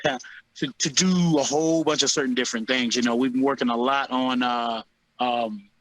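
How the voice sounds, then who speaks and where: A UFC heavyweight fighter in his thirties, appearing as a guest, chats casually in an interview at normal speed and medium pitch. He's an animated storyteller who laughs often and acts out quotes. The recording quality is low.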